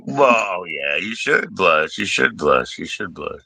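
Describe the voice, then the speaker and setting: Deep gravelly man hosting a livestream. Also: sing-song, slow, sharp tone, no room sound. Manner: joking, profane, teasing banter. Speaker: livestream host. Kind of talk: casual livestream chat.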